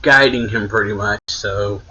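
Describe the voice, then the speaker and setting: A man's voice: lowish voice, unhurried, pushed and bright, slight background noise, poor audio. Rambling man recapping a manga. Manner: rambling, full of "like" fillers. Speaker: manga reviewer. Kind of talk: casual reaction recap.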